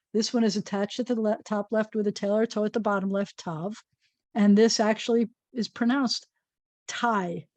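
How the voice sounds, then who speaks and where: A woman's voice: mid-range voice, mellow, dry recording. A woman rabbi teaching a Hebrew reading lesson in a patient, explanatory way, sounding out syllables and chuckling at her own jokes. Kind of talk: classroom lesson.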